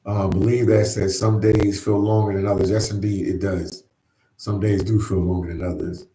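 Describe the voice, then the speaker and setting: A man's voice: fairly low pitch, flat delivery, normal speed, dark tone, echoey room, low-quality recording. A man hosting a casual livestream, reading viewer comments and chatting in an easygoing way, repeating himself and often saying "man". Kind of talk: casual live chat. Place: New York.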